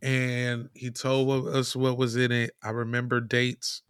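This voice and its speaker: A man telling a story in casual chat, animated, swearing and mimicking people. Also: mid-range voice, takes it slowly, clear, resonant tone, no echo, clean studio sound.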